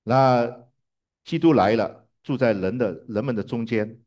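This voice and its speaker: A man's voice: mid-range voice, measured pace, a little mellow. A man interpreting a sermon live, hesitating with fillers and restarts.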